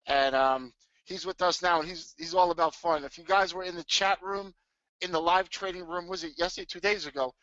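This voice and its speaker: A middle-aged man with a high, bright voice hosts a live webinar, hyped and tumbling over his own restarts. The sound is dry and close, caught on a dull, lo-fi webcam mic. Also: fairly quick, no echo. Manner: excitable, hyped, many restarts. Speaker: trading webinar host.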